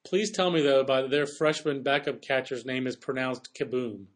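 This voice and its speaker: A man hosting a sports podcast, talking in a quick, chatty way with playful asides. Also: medium pitch. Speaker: podcast host. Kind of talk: casual sports chat.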